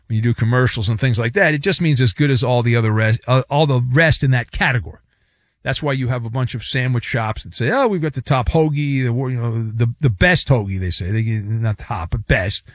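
A man hosts a sports talk radio show, riffing with sarcastic, playful jokes and commentary. He sounds lively and animated, with big swings in pitch. The recording is dry and studio quality.

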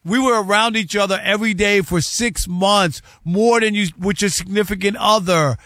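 A middle-aged man with a fairly high voice co-hosts a casual sports talk show. He talks with emphatic repetition, and the recording is dry and close with no room sound. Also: moderate pace, pushed and bright, no room sound. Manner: emphatic, repeats himself. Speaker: co-host, former beat writer.

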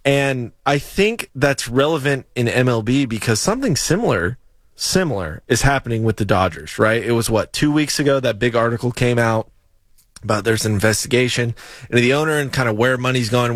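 Halting, teasing man. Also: mid-range voice, no echo. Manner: halting, restarts often, teasing. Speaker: podcast co-host. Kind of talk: casual sports chat.

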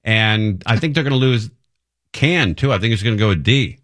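A man's voice: lowish voice, animated, normal speed, a bit bright. A middle-aged man hosting a radio show, joking and laughing at himself. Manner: self-mocking, jokey, laughs often. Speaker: radio host. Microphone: studio mic.

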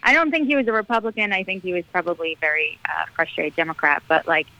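A woman political candidate speaking as a radio interview guest, energetic, earnest and rallying. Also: fairly low pitch, quick pace, no echo, highs cut off.

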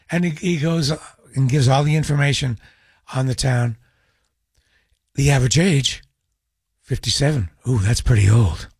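A man's voice: mid-range voice, slightly rough, no room sound, clean studio sound. A man hosting a radio talk show, chatting in a wry, opinionated monologue.

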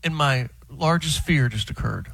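A middle-aged man, calling in from a house full of sleeping roommates and telling a car-auction story in an animated, joking drawl. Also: mid-range voice, moderate pace, gravelly, husky, dry recording, low-quality recording. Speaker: car show regular calling in. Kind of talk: casual radio chat by phone.

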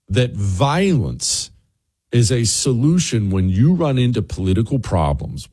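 A man's voice: medium pitch, a little mellow, husky. A man hosting a political talk show, delivering an indignant, emphatic monologue that repeats its points for emphasis. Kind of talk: opinion monologue.

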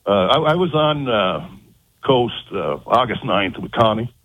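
A man telling of his abduction as an interview guest, halting and repeating words in earnest. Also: lowish voice, expressive, dry recording. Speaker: guest recounting an abduction experience. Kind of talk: phone-in interview. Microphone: telephone. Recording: tinny phone line.

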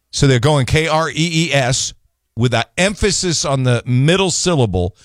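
A man hosting a call-in radio show, chatting and joking with callers in a relaxed, drawn-out way. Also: medium pitch, no echo, studio quality. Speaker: radio talk show host. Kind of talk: casual call-in talk.

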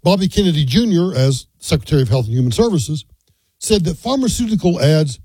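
A man's voice: on the high side, lively intonation, brisk, mellow, breathy edge, no echo, poor audio. An older man hosting a talk radio show, giving folksy, opinionated commentary.

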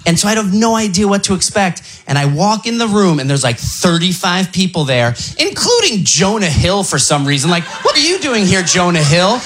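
A man's voice: high-pitched, normal speed, few pauses, a little hiss or hum. A man doing stand-up, telling a story with animation and acting out each exchange. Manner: animated, acts out the dialogue. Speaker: stand-up comedian.

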